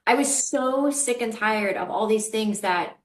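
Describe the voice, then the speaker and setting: A middle-aged woman dating coach talks candidly, emphatic and full of laughter. Her voice sits fairly high. The room around her rings with echo. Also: measured pace. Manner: animated, emphatic, laughs often. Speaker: dating coach, podcast host. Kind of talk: candid conversational chat. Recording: echoey room.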